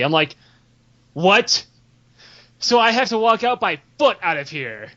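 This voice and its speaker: Young man, higher voice, animated profane storyteller doing quick character voices; muffled lo-fi podcast audio. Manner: animated, profane, laughing while telling, acts out quoted voices. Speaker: podcast co-host telling stories. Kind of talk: casual storytelling chat.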